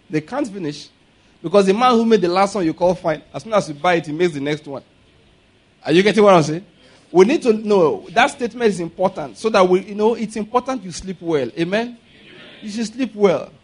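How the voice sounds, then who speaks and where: A pastor with a notably high voice delivers a lively sermon. He mixes humorous asides with laughter and leads his listeners in repeated declarations. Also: slightly rough. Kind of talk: sermon with call-and-response.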